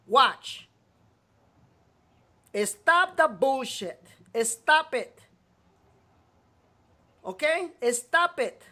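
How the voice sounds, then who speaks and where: A man's voice: extremely high pitch, pushed and bright. A male talk show host delivering a profane, scolding rant, repeating himself to hammer his point home. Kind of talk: ranting talk show monologue.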